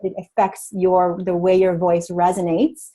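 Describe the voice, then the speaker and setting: A woman's voice: on the low side, little pitch movement, a little slow, mellow, low-quality recording. A woman speaker trainer telling a story and teaching breath work in an earnest, casual way.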